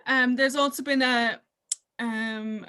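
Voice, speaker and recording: A woman's voice: on the high side, fairly even intonation, takes it slowly, bright, forceful tone. Irish woman hosting a training call. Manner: casual, many fillers, housekeeping notes. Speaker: programme host. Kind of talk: hosting an online training session.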